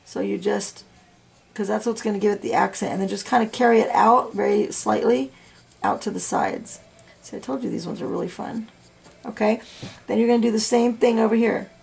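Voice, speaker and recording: A woman teaching a coloring lesson, talking through each step in a soft, chatty way with plenty of fillers. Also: mid-range voice, fairly even intonation, fairly quick, vocal fry, husky. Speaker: coloring instructor. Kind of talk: real-time art tutorial.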